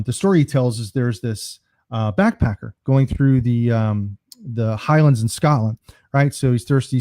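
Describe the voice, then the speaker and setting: Guest brand strategist, man, animated storyteller, mellow and warm, dry close sound. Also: mid-range voice, no echo. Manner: animated storyteller, jokes around. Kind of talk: casual podcast interview.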